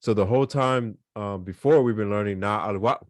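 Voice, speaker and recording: A man's voice: fairly low pitch, fairly quick, no echo, studio quality. A man teaching a beginners' language class, explaining casually with lots of fillers and repeated examples. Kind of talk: online class lesson.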